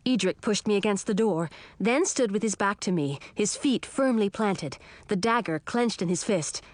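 A woman giving scripted first-person narration of a children's story in a clear, even storytelling manner. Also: mid-range voice, normal speed, no room sound. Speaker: audiobook narrator.

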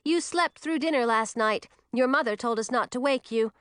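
A woman's voice: on the high side, moderate pace, a bit bright, clean tone, dry recording, studio quality, voice pushed up, lightly acted. A woman doing a teasing, witty girl.

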